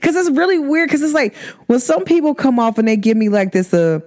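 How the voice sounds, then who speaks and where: A woman speaking straight to her audience in a relaxed vlog chat. She is candid and emphatic, leaning on slang and repeating herself to drive a point home. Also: high voice, brisk. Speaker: vlogger.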